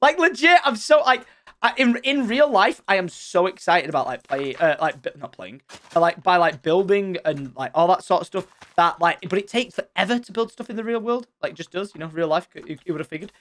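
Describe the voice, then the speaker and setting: A young man giving excited Let's Play commentary, chatting and thinking aloud as he plays. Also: high voice, a little fast. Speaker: gaming channel host.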